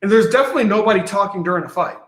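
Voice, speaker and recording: Excited guy explaining his comic, repeats himself a lot, pretty high voice. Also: very fast, reverberant, crowd noise. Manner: eager, repeats words while explaining. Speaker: guest comic creator. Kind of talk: casual interview chat.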